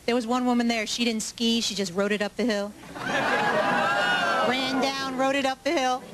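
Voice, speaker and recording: A woman doing a stand-up comedy set on a club stage, chatty and self-mocking, with quick asides to the crowd. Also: fairly high pitch, steady tone. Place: comedy club stage before a live audience. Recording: live club with loud audience laughter and noise.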